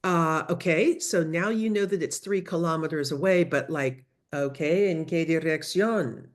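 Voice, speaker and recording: Woman, language teacher, online lesson, lively coaching, video call, low-pitched. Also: a little slow. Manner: lively, coaching, switches between English and Spanish phrases. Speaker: Spanish teacher.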